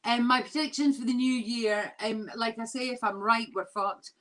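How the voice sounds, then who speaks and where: A woman's voice: a little high, steady tone, moderate pace, a bit bright. A woman comedian ranting and swearing in a drunken comedy chat over a video call. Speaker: comedian guest.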